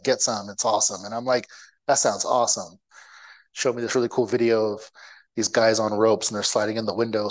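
Male guest lecturer, 30s, comic anecdote delivery, does quick voices for the people he quotes, laughs at himself. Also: mid-range voice, poor audio. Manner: animated, acts out the people in his stories; self-mocking, laughs at his own story. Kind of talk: storytelling lecture.

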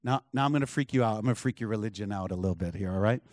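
A pastor in church delivers a sermon in a chatty, storytelling style, sprinkling in plenty of asides and check-ins with the congregation. His voice is lowish and darkish, and he talks rapid-fire. The recording is dry, with clean studio sound.

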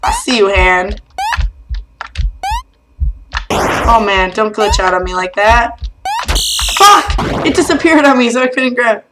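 On a low-quality recording with game music in the background, a young gaming video host with a voice on the high side talks at normal speed. She gives let's play commentary on a platform game, yelping, laughing and swearing as she goes.

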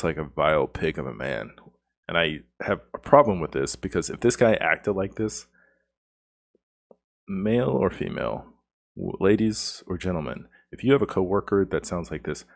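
A man's voice: low-pitched, creaky. A man, one of the channel's regular hosts, giving a rambling, exasperated casual review of a show episode and laughing often.

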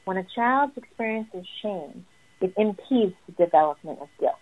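A woman therapist explains parenting ideas with lively emphasis and a mid-range voice. Her audio comes through tinny and narrow, like a phone call. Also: medium pitch, normal speed. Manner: animated and emphatic, acting out what children say. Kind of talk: explaining parenting advice in a conversation.

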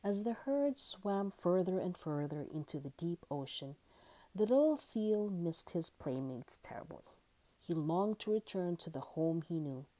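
Woman storyteller for a children's book, gentle and mellow, lively expressive reading. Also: fairly low pitch, a little slow. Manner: expressive, gentle read-aloud.

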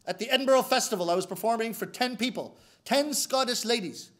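A man from Canada, telling a comic story in an animated, exasperated, emphatic way. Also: very high-pitched, fairly quick. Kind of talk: comedic storytelling.

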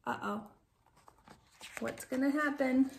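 High-voiced woman reading a picture book aloud. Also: slow pace, creaky, echoey room, a little hiss or hum. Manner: gentle, expressive, chatty asides to listeners. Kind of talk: children's read-aloud with asides.

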